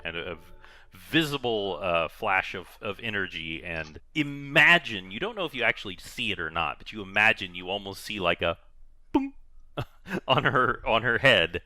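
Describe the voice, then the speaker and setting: A man narrating as game master of a tabletop game, animated and rambling with many fillers. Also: fairly low pitch, moderate pace, no room sound.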